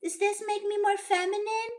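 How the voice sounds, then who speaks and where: A woman putting on a mocking, breathy girly voice with a Marilyn-style purr. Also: very high-pitched, flat delivery, normal speed, voice pushed up. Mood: simpering. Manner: exaggerated, breathy and simpering. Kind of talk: comedic livestream bit.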